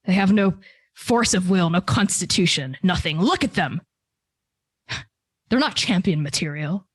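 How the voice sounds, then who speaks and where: A woman's voice: fairly low pitch, animated, unhurried, breathy edge, dry recording. A woman voicing a scornful, menacing male hunter god in a tabletop game.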